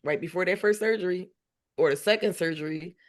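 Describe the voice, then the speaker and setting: A woman's voice: on the low side, fairly quick. A mother guesting on a podcast interview, telling stories about her son, laughing often and acting out remembered dialogue. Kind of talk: emotional podcast interview storytelling.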